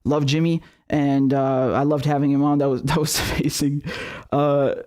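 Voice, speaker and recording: Furious, profane man with a high voice. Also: little pitch movement, moderate pace, darkish tone, smooth. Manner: profane, angry, repeats himself. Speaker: political commentary host. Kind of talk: livestream reading super chats, ranting.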